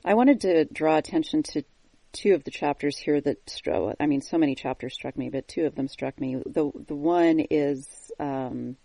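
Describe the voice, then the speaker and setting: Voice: mid-range voice, normal speed, creaky, warm tone, no room sound. An interviewer asking a long, searching question full of restarts.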